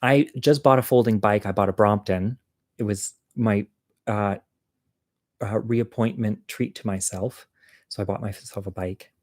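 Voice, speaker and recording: A man's voice: on the low side, steady tone, measured pace, a little mellow, dry recording, studio quality. A man telling a personal story to viewers over a livestream, candid and chatty, poking fun at himself and laughing at his own jokes. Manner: candid, self-mocking humor.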